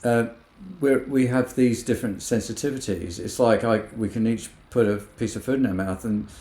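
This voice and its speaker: A man talks through a relaxed, thoughtful chat as co-host, voice sitting in an ordinary middle register. He slips into other voices for quoted remarks, and the recording carries a noticeable room echo. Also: mid-range voice, normal speed. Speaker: podcast co-host. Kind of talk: casual reflective chat. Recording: echoey room.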